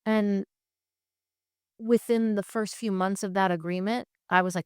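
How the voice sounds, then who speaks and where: A woman guest shares her faith testimony with candid emotion, speaking straightforwardly and acting out the voices of people in her story. Her medium-pitched voice is darkish, clear and resonant, a little slow with fairly even intonation. The studio-quality recording has no echo.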